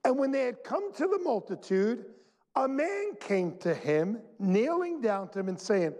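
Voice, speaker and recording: A man pastor preaching in a church sanctuary. His voice is high and swings widely, and a long hall reverb trails each phrase. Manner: animated, emphatic preaching with dramatic pauses. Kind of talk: sermon.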